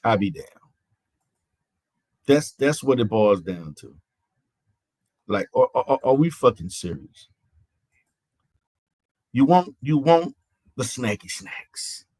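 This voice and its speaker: A man's voice: medium pitch, lively intonation, slow, long pauses, darkish tone, no room sound. A man hosting an online panel, ranting in a mocking, profane way, stammering and repeating his phrases. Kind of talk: heated live-stream rant.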